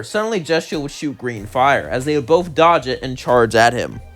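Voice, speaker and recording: A man's voice: medium pitch, animated, normal speed, hardly any pauses, fairly bright tone, soft background music. A man narrating a home-made fan story in a casual, rambling way. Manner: rambling, loosely strung sentences.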